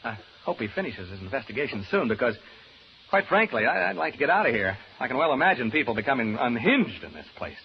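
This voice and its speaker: An actor playing a lonely, nervous radio announcer alone in a haunted house, stammering and rambling in an old radio drama. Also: male voice, mid-range voice, very animated, fast talker, dull audio, a little hiss or hum. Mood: uneasy. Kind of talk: 1940s radio drama acting.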